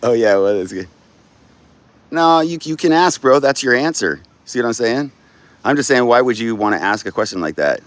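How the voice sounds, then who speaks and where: A man chats with his livestream viewers in a loose, rambling way. He swears freely and laughs often. His voice sits at an ordinary middle pitch and is picked up on a streamer's computer mic. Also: expressive, normal speed, dry recording. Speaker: livestream host. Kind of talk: casual livestream chat with viewers.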